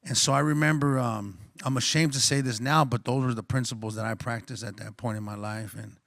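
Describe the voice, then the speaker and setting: Guy on a panel telling his life story, earnest and reflective, casual slang, mid-pitch voice, dry sound. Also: fairly even intonation, a little fast, vocal fry, fairly bright tone, dry recording. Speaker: panelist and coffee shop co-owner. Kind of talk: personal storytelling on a conference panel.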